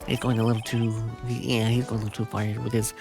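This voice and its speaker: Chill guy streaming a game, gravelly voice, faint music going behind him. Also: medium pitch, flat delivery, fast talker. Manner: chatty, reads game text aloud. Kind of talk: casual game-stream commentary.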